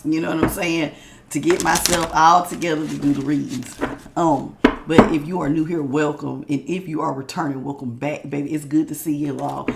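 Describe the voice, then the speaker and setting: A Southern United States woman with a deep voice and vocal fry does a chatty, folksy tarot reading while sick with a sore throat, calling her listeners y'all and baby. It's a casual spiritual reading with a noisy background.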